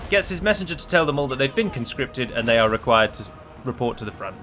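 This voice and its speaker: A man's voice: mid-range voice, sing-song, quick pace, a bit bright, faint music behind. A man giving casual live gameplay commentary, chatty and wry, talking to his units as he plays. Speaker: gaming video creator.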